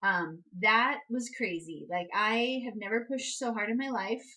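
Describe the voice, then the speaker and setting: Bright and forceful but unhurried, a young vlogger who recently became a mother shares a personal story over low-quality audio. Casual fillers like "um" and "like" crop up constantly, and her reenacted quotes shoot up into high outbursts.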